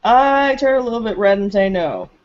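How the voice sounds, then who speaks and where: A player describing their character's actions in a tabletop game, halting and giggly, with many restarts. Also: medium pitch, lively intonation, highs cut off. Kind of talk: role-playing a character at the table.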